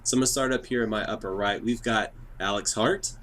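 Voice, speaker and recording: A man from Texas hosting a podcast, hyped up, fast-talking and joking. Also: on the low side, fairly bright tone, a little hiss or hum. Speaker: podcast host. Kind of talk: casual chat.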